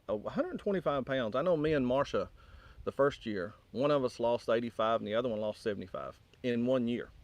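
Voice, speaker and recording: A man's voice: mid-range voice, dry recording. A middle-aged man hosts a casual live-stream chat, rambling, repeating words and reading chat aloud. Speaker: vlog host.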